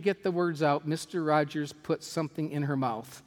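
A man's voice: on the high side, normal speed, few pauses. Earnest male preacher in a reverberant hall. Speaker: pastor. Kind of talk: sermon with a storybook reading.

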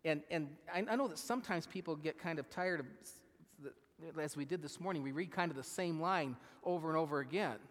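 A man preaches in a relaxed, talky way, turning to his listeners with questions as he goes. His voice sits a little higher than most men's. Everything rings with the long reverb of a big church hall. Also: a little fast. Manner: conversational, asks the congregation questions. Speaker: pastor. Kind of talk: sermon. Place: church sanctuary.

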